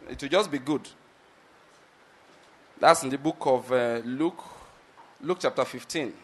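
A man's voice: mid-range voice, measured pace, fairly bright tone, breathy edge. A man preaching a sermon, retelling a scripture story and often asking his listeners whether they follow his point.

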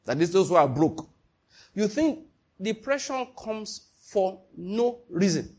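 A man preaching a sermon, animated and emphatic, asking his listeners one rhetorical question after another. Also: sits high, slow pace, breathy edge.

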